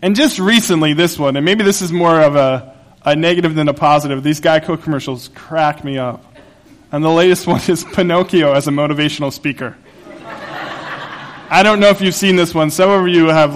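A man's voice: on the high side, a little fast. A pastor preaching a sermon to his congregation in a conversational, humorous way, laughing at his own asides. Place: church sanctuary.

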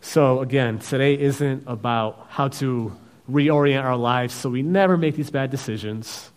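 A man preaching a sermon, reading scripture and acting out the characters' lines with sudden loud outbursts. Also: medium pitch, a little slow, smooth. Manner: acts out biblical voices, dramatic swings in loudness.

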